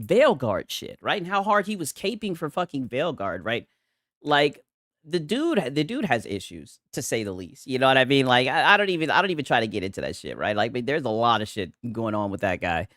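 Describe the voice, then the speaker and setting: A man's voice: medium pitch, dry recording. Guy ranting on his gaming stream, swears a lot, lots of "right?", voice bounces all over, dry close mic sound. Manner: profane and animated, constantly adds "right?". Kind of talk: casual ranting live stream.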